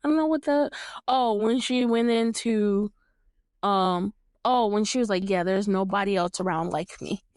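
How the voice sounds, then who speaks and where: Recorded with studio quality and no echo, this podcast host has a mid-range, darkish yet clean voice at a normal speed. She's a young New Yorker chatting casually, animated, often laughing and swearing without restraint.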